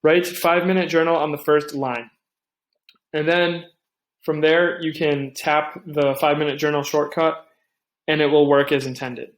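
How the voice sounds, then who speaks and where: Young guy chatting thru a phone tutorial, kinda high voice, echoey room. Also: little pitch movement, unhurried. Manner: chatty, thinks aloud with restarts and asides. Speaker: tech tips host. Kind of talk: casual screen-recorded tutorial.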